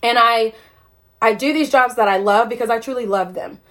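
Woman, high voice, passionate phone-livestream rant with a stream of rhetorical questions. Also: moderate pace, fairly bright tone. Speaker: network marketer hosting a live video.

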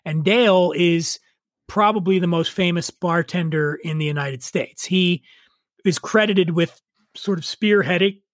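A middle-aged man, a drinks writer and drinking-show host, telling his story in a casual interview, animated, swearing freely and laughing at himself. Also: high-pitched, measured pace, dry recording, clean studio sound.

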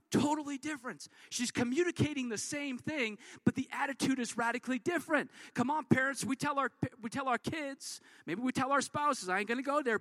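A man preaching a sermon in an energetic, conversational way, repeating and restarting words as he drives his points home. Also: very high voice, no echo, studio quality. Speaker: pastor.

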